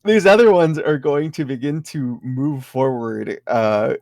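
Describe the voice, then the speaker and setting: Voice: medium pitch, measured pace, a little mellow, no echo. A game master narrating a tabletop game, rambling with many fillers and frequent giggles.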